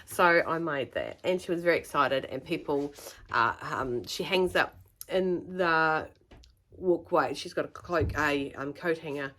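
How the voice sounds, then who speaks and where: Chatty New woman, slightly low voice. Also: measured pace, fairly bright tone, poor audio. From New Zealand. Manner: chatty, rambling, self-deprecating humor. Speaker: sewing vlogger. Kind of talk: casual chat showing handmade items.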